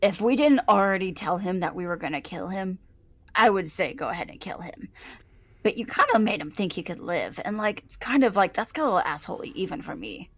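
A woman's voice: medium pitch, big pitch swings, a little fast, fairly bright tone. A woman playing a tabletop game, talking bluntly and casually, often trailing off. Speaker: player. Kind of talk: tabletop role-play.

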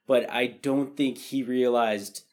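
A man in relaxed conversation on a podcast, his voice sitting at an ordinary middle pitch. He talks thoughtfully and at length, often restarting a phrase before building his point. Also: takes it slowly. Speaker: podcast co-host. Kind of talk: casual chat.

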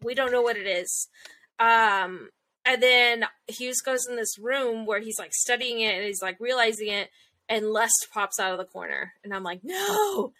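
Bright, lively woman recapping a show. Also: a little high, moderate pace. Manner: animated retelling, acting out character lines. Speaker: podcast co-host. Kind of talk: casual episode recap.

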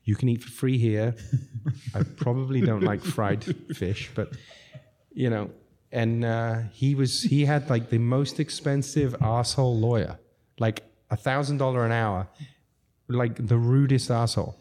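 A man's voice: medium pitch, a little slow, a little mellow. A man, a restaurant owner, telling rambling stories in a casual chat with lots of laughter. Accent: non-American English. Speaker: restaurateur guest.

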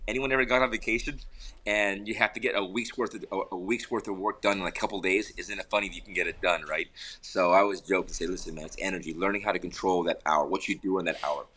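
A man's voice: low-pitched, fast talker. A middle-aged man, a podcast guest and father, talking casually over a remote call from home, telling stories with many repeats and restarts. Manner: animated storyteller, repeats words and restarts often. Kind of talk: casual conversational interview. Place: home in an air park community.

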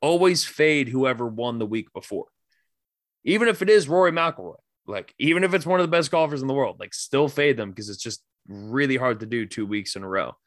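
A man's voice: medium pitch, expressive, a little fast, no echo, clean studio sound. Profane, rambling man talking sports. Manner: loose, profane, rambling with lots of "like". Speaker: podcast host. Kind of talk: casual sports podcast chat.

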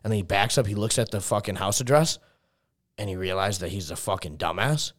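A young man with a Texan accent telling a rambling story in casual chat, full of fillers and swearing. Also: lowish voice. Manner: fast rambling anecdote full of fillers and profanity.

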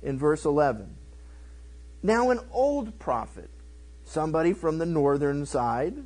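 Male pastor, middle-aged, high voice, lively teaching that acts out each character. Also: unhurried, low-quality recording. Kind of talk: verse-by-verse Bible teaching.

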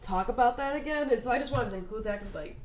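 A woman's voice: on the high side, quick pace, poor audio. Podcast host, woman, loose and profane, holding back tears, faint noise floor. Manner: casual, swears a lot, fillers like "like". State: tearful. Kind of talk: casual true crime chat.

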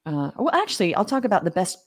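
This middle-aged Australian woman has a medium-pitched, slightly rough voice and talks fast as a casual podcast interview guest. Her energetic storytelling includes acting out quoted voices. Many of her sentences stumble and start over.

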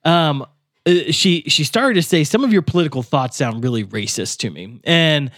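A man's voice: fairly high pitch, expressive, moderate pace, fairly bright tone, no echo, clean studio sound. A man co-hosting a faith podcast, speaking earnestly and telling personal stories about prayer. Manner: earnest, storytelling, acts out prayers in quotes. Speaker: podcast co-host and author. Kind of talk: casual faith conversation.

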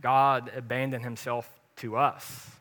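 A man's voice: medium pitch, little pitch movement, takes it slowly, fairly bright tone. A man preaching an informal sermon, earnest and personal, with bursts of joking. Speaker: pastor.

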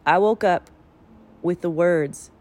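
A woman's voice: on the low side, slow pace. A woman talking casually as a spiritual channeler, rambling and swearing as she tells a story with lots of energy. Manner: profane, rambling, animated storytelling.

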